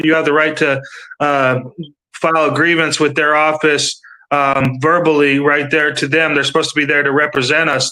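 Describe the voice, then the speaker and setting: A man's voice: fairly high pitch, sharp tone, rough recording. A man ranting on a livestream panel in casual chat, rambling with lots of filler words and swearing. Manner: rambling, profane, many fillers. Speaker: panel commentator. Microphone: video call.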